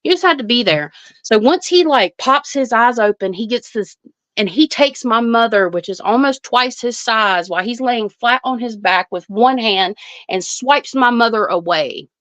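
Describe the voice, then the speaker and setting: A woman with a high-ish, lively voice at a moderate pace and fairly bright tone tells a story as a psychic medium guest in casual chat. She's earnest and emphatic, restarting frequently, and there's no room sound.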